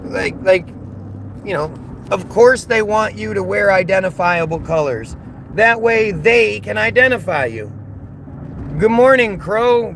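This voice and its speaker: Man from the US, higher voice, livestreams from his car over steady road noise, rambling rants with repeated words. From United States. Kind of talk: casual livestream talk reading chat aloud. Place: inside a car while driving.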